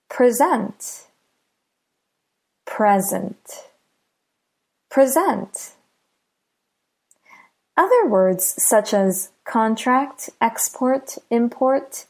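Slow, gravelly American teacher woman. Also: medium pitch, darkish tone. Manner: patient, repeats each word slowly. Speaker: English pronunciation teacher. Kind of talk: slow, clear pronunciation lesson.

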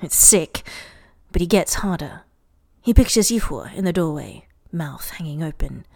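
A woman's voice: fairly low pitch, sing-song, moderate pace, warm tone. A tipsy woman reading fan fiction aloud, giggling and breaking off into mock-dramatic asides. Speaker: reader.

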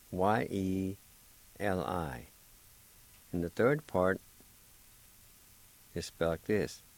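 A man's voice: low-pitched, a little mellow, rough recording. A man hosting a radio lesson, patiently spelling words out syllable by syllable and encouraging the listener. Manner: slow, patient, spells out syllables one at a time. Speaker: radio host teaching Cherokee.

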